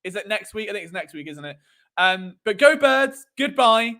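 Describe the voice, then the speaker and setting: A man's voice: high voice, sing-song, moderate pace, pushed and bright. A young man hosting a live sports stream, rambling and playful with lots of fillers. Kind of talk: casual live-stream chat.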